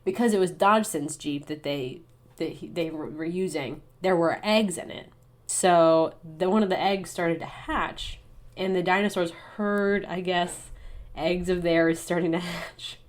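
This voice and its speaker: A woman's voice: lowish voice, a little slow. A young woman co-hosting a podcast, recapping a novel in a casual, chatty way full of "like" and "um", and acting out the characters' lines. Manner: chatty, many fillers, acts out characters' lines. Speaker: podcast co-host. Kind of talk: casual book recap chat. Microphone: podcast mic over online call.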